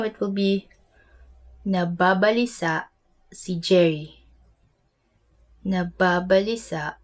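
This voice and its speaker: A woman, presenting a vocabulary lesson slowly and repeating each word for learners. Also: on the low side, darkish tone. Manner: slow and deliberate, repeats words for learners. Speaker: language teacher.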